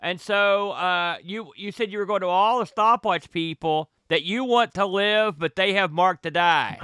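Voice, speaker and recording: A man narrating a tabletop game as game master, lively and quick with laughs. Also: high-pitched, clean tone, no room sound, studio quality.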